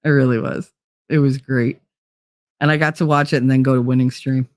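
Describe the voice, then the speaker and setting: A woman's voice: very deep voice, fairly even intonation, brisk, dry recording, clean studio sound. A woman hosting a livestream talk show, chatting casually and reading viewer comments, blunt, swearing freely and laughing easily.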